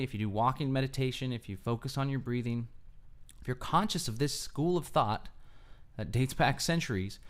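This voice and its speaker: A man giving an earnest solo talk about mindfulness, explaining his points step by step and often checking in with "right?". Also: mid-range voice. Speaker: mindfulness speaker.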